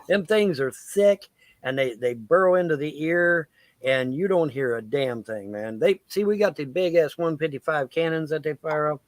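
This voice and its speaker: A man's voice: a little high, expressive, moderate pace. A man hosting a casual live chat, rambling and crude and laughing at his own jokes. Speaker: livestream host.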